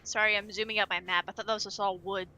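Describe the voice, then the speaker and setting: Bright-voiced woman asking questions at a tabletop game. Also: medium pitch, flat delivery, fast talker, slight background noise. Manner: inquisitive, asks many questions. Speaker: player.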